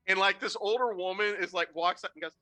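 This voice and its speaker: A game master narrating a tabletop game in an animated, laughing, loose way. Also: medium pitch, fairly quick.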